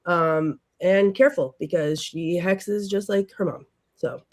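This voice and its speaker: Woman, podcast guest, casual playful chat, mid-pitched voice. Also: measured pace.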